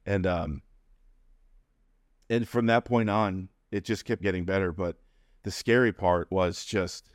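Low-voiced man telling a personal story. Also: no echo, clean studio sound. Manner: animated, acts out quoted voices. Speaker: interview guest.

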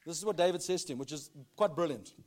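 An animated pastor preaching to his congregation in a church hall. His voice sits fairly high for a man, and he keeps checking in with a quick "okay?" as he reads and explains scripture. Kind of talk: sermon with Bible reading.

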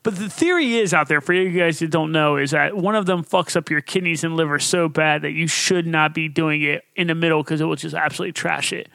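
A man with a high, bright voice co-hosts a casual podcast, cursing constantly and acting out stories with energy. The sound is dry and close, with no room in it. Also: fairly quick, vocal fry, hardly any pauses, no echo. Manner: profane, animated storytelling. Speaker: podcast co-host. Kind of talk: casual chat.

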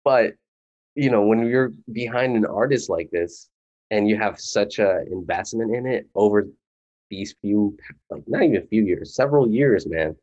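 A man's voice: lowish voice, animated, moderate pace, a little mellow, dull audio. A man co-hosting a casual podcast, talking earnestly and rambling with lots of fillers. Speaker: podcast co-host. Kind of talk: casual chat.

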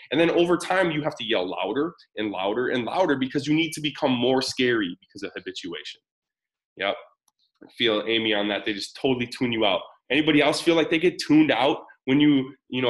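A man's voice: mid-range voice, animated, brisk, a bit bright, rough recording. A man in his thirties presenting a live parenting webinar, talking casually and energetically while answering chat comments.

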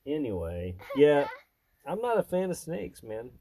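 A middle-aged man, a father co-hosting a casual podcast, who rambles with fillers and teases in a relaxed way. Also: fairly high pitch, unhurried, dry recording, low-quality recording. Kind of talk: casual chat.

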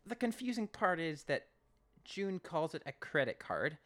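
A man's voice: on the high side, sing-song, measured pace, a bit bright. A Canadian man co-hosting a podcast, casually recapping an episode and acting out lines in raised voices. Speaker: podcast co-host.

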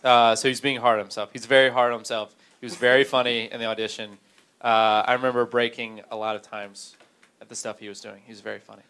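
A man from Memphis in his thirties, a comedy guest telling self-deprecating stories in an animated, casual way. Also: medium pitch, fast, clean tone. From Memphis, Tennessee, US. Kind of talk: casual chat, storytelling.

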